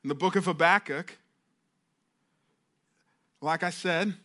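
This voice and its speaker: A man's voice: high-pitched, slow, bright, forceful tone. A middle-aged male pastor giving a conversational sermon, restarting phrases and acting out heartfelt prayers.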